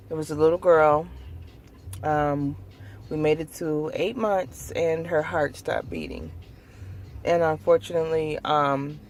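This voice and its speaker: A woman in her thirties talking slowly in a personal vlog, hesitant, with many pauses. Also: deep voice, darkish tone. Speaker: vlogger.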